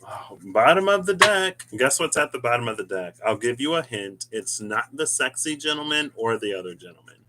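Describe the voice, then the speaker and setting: Lively chatty man reading tarot. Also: medium pitch, fairly quick, hardly any pauses, noisy background. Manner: chatty, rambling, laughs often, talks to himself. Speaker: tarot card reader. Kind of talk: casual tarot reading vlog.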